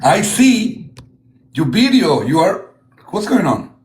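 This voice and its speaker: A man's voice: high voice, very animated, slow, a little mellow. A man hosting a livestream battle, gushing with compliments in broken English and slipping into Spanish phrases. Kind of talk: casual livestream chat.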